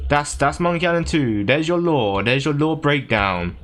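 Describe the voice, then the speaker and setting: A man livestreaming, casually recapping a video game plot in a hurried, rambling way. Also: a little high, lively intonation, a little hiss or hum.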